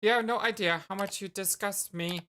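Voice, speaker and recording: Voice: mid-range voice, moderate pace, bright, forceful tone, voice pushed up, lightly acted. A let's player reading game dialogue aloud in character as a gleefully threatening alien troll girl, in a cheerful sing-song voice. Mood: gleeful menace.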